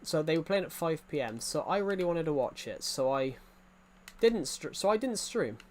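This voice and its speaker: A young man with an English accent, a bit higher-voiced than most men, chats loosely to his viewers while he plays. He repeats himself and restarts his sentences as he rambles from point to point. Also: expressive, moderate pace, darkish tone. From England. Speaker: gaming streamer. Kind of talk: casual chat while gaming.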